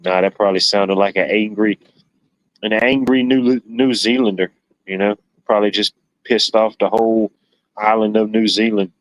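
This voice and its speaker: A man's voice: lowish voice, steady tone, normal speed, no room sound, muffled recording. Rambling joking male stream host. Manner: rambling, joking, lots of "you know". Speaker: livestream host. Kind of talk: casual chat.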